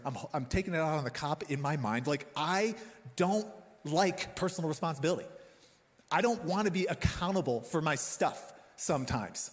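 A man in his thirties preaching a sermon, talking straight to the congregation in a lively, conversational way. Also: fairly high pitch, moderate pace. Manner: animated, conversational, addresses the congregation directly. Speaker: pastor. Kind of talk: sermon with personal stories. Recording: reverberant church hall.

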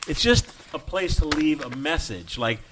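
A man's voice: a little high, lively intonation, moderate pace, a bit bright, slight background noise. A man hosting a podcast in casual chat, rambling and jokey. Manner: rambling, jokey, laughs often. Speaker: podcast host.

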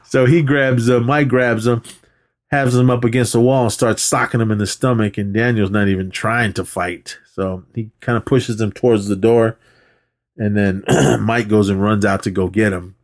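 A man's voice: lowish voice, fairly even intonation, moderate pace. A man co-hosting a podcast, casually retelling a film scene by scene, swearing freely and acting out the quotes. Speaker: podcast co-host. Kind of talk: casual movie recap chat.

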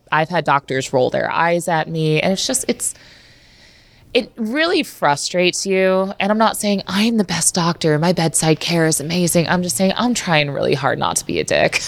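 A frank woman chiropractor with a low voice that has a gravelly edge. She chats candidly, often acting out her talks with patients. The sound is dry and close, with no room echo. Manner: candid, frank storytelling that acts out her own quoted exchanges. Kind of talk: casual interview talk.

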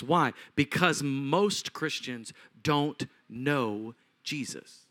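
A man preaching a sermon as pastor, telling a story with animated swings between loud and hushed. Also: mid-range voice, takes it slowly.

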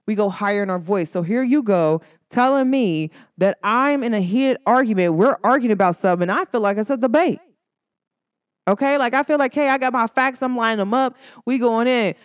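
A woman with a fairly high voice hosts her podcast in a loose, emphatic monologue. She talks directly to listeners, leaning on slang and quick asides. The sound is dry and close, with little room around it. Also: smooth, dry recording. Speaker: podcast host. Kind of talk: casual solo podcast monologue.

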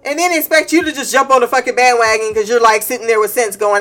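A woman with a somewhat high voice rants heatedly as host. She is blunt and profane, and her swearing sounds unfiltered. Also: fast talker, few pauses, a bit bright, faint music behind. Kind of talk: ranting commentary.

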